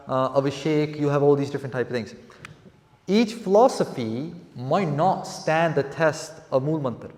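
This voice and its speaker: Young male teacher, keeps asking "okay?", reverberant hall sound. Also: fairly high pitch. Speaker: seminar teacher. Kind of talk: classroom vocabulary lesson. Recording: echoey room with long reverb.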